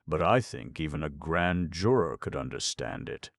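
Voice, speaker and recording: A foppish, idle gentleman sleuth, as a man reads him aloud drawls his words without emotion and with an airy, mocking ease. The voice sits very low, with a gravelly edge, in a dry, close recording. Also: lively intonation, moderate pace, no room sound, heavily acted. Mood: drawling, amused. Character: languid, foppish gentleman detective, adult man. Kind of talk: audiobook character reading.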